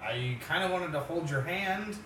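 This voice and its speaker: A man's voice: on the high side, expressive, normal speed, fairly bright tone, a little hiss or hum. A man improvising an awkward young man on a date who talks in a hesitant, fumbling way. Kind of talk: improvised comedy scene. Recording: roomy, from a distance.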